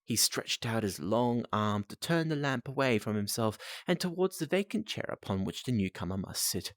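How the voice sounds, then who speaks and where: Low-voiced man reading aloud on a stream. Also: expressive, normal speed, dry recording, clean studio sound. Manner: casual asides to viewers, restarts lines. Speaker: live-stream reader.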